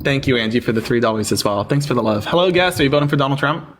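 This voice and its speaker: A man's voice: mid-range voice, expressive, rapid-fire, background noise. A man hosting a live-stream debate, sarcastic and taunting with callers, thanking viewers in casual chat. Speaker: livestream debate host.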